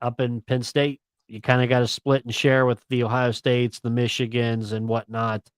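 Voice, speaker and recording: A man talks through the week's games on a sports radio show in a relaxed, slangy way. His pitch sits in an ordinary middle range. The sound is dry and close, with no room around it. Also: moderate pace, smooth, no room sound. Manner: laid-back, chatty, slangy. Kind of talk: casual sports talk.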